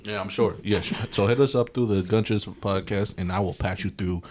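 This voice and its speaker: A man's voice: lowish voice, steady tone, moderate pace, darkish tone. A young man co-hosting a podcast, joking and bragging in slangy casual banter and acting out quotes. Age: young adult. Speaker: podcast co-host.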